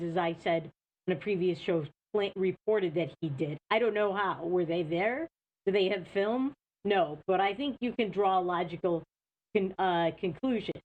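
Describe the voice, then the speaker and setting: A woman's voice: mid-range voice, darkish tone, lo-fi sound. A woman hosting a talk show, giving opinionated political commentary full of indignant rhetorical questions.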